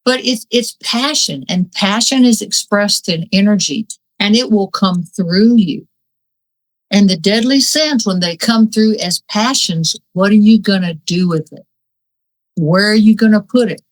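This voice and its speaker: A woman's voice: mid-range voice, measured pace, rough recording. A woman and Reiki master talking on a spiritual talk show, fiery, earnest and plain-spoken.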